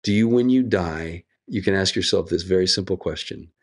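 A middle-aged man speaking as a guest in an interview, earnest and thoughtful, with lively quoted asides. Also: sits low, a little fast. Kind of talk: reflective interview conversation.

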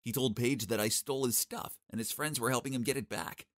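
A young man narrating a first-person animated story in a cocky, sarcastic, expressive way. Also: mid-range voice, fairly quick, dry recording, clean studio sound.

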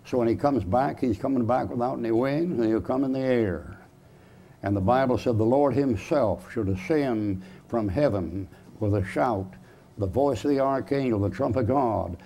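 A preacher gives a chalk-talk sermon in a church, his voice dark and mellow. He talks in a folksy, emphatic way, tossing out questions and answering them himself, his pitch sitting right in the middle for a man. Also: vocal fry.

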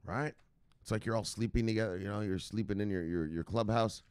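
A man's voice: lowish voice, brisk, a little mellow, smooth, no echo, studio quality. An American man hosting a crypto news show in casual, profane, rambling commentary with mock dramatic voices.

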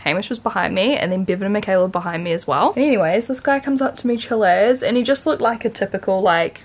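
A woman's voice: mid-range voice, expressive, fast talker. A young woman with a New Zealand accent, chatting casually to camera as a vlogger and telling stories, full of "like" fillers, with a dry throat from hay fever. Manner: chatty storytelling, many "like" fillers.

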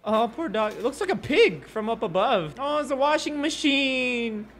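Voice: mid-range voice, expressive, moderate pace, a bit bright, slight background noise. A reaction video host at home, commentating casually on funny clips, laughing often and chatting to their own dogs.

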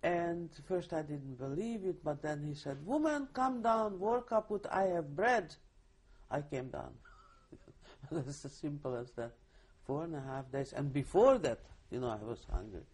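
An older woman recalling her past in an oral history interview, telling it vividly with halting restarts. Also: low-pitched, dark tone, husky. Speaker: Holocaust survivor giving testimony.

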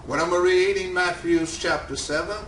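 A preacher with a high-pitched voice gives a sermon slowly and emphatically, his bright, steady tone rising and falling as it bounces around a big, echoey room. The mic is fairly far off, picking up faint ambience and slight background noise.

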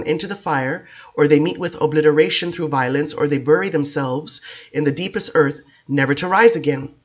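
Man, audiobook narrator, first-person gothic novel, dramatic and intense, fairly high voice, dull lo-fi sound. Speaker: audiobook reader.

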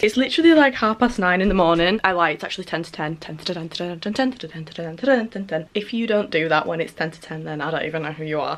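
A young woman in her early twenties talks straight to her camera at home, rattling along at a quick clip. Her voice sits slightly low and a touch croaky, and she gushes with plenty of fillers. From England. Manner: chatty, gushing, lots of "like" and "literally". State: a bit croaky. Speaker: vlogger. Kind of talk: casual chat to camera. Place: bedroom at home.

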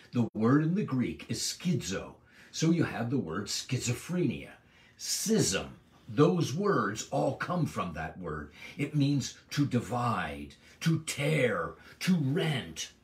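Male Bible teacher, slow and emphatic, animated delivery; roomy, distant recording. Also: medium pitch. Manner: slow and emphatic, reads scripture aloud. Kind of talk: Bible lesson.

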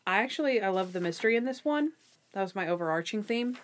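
Relaxed woman recapping episodes. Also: medium pitch, quick pace. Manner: relaxed, quotes lines in a playful voice. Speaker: podcast co-host. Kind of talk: casual chat and episode recap.

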